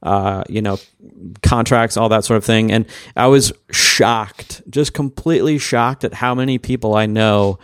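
A man's voice: lowish voice, measured pace, clean tone, dry recording, clean studio sound. A man co-hosting a podcast in casual chat, hesitant and full of fillers. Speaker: podcast co-host.

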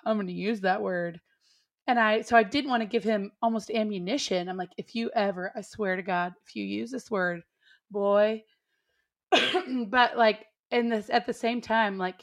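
A woman speaking as a parent in a casual conversation, rambling and searching for words with lots of "like". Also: medium pitch. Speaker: interview guest, parent.

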